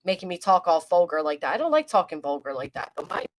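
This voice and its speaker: A woman's voice: lowish voice, big pitch swings, fast. A woman doing rambling livestream commentary, crude and mocking in a vulgar rant, often restarting her sentences. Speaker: commentary streamer. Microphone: desk microphone.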